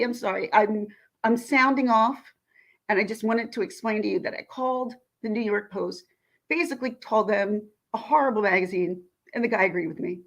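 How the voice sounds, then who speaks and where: A woman vlogger, indignantly retelling a phone call in a ranting commentary. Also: fairly high pitch.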